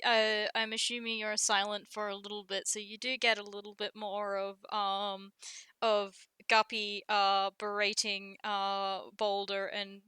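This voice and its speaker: A woman's voice: mid-range voice, little pitch movement, unhurried, bright, forceful tone, clean tone, no echo, clean studio sound. A woman hesitantly describing her characters' reactions in a tabletop role-play, with many fillers.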